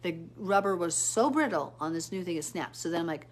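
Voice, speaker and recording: Casual woman host, lowish voice, chatty and rambling, talks straight to viewers. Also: a little fast, few pauses. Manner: animated storytelling with sudden pitch jumps. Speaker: Bible teacher hosting a live stream. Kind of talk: casual live-stream chat.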